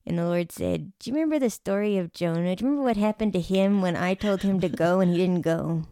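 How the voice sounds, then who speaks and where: Woman host chatting about faith, smooth clear voice, laughs a lot as she tells stories, dry close sound. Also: lowish voice, fast talker, no room sound. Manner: animated storytelling, laughs often. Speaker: host interviewing her mother. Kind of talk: casual faith conversation.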